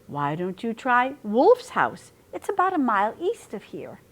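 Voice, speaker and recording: A woman's voice: on the high side, huge pitch swings, measured pace, a bit bright, exaggerated voice. A woman voicing a sly, grinning spider with a coy delivery in a storybook reading.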